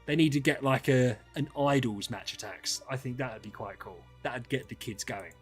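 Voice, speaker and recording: A young man chatting casually on a livestream, ranting in an animated way and swearing freely. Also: mid-range voice, normal speed, faint music behind. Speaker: streamer.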